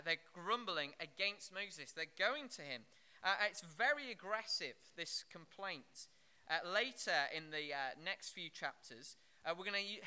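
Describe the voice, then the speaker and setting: Animated bright-voiced male preacher. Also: sits high, smooth. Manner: expository, animated, with frequent fillers and restarts. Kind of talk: sermon.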